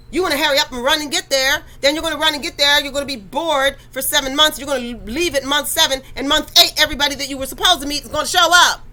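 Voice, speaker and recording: A woman's voice: high voice, bright, forceful tone, poor audio. A woman hosting a faith talk, addressing listeners directly in a conversational, preachy way. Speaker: podcast host.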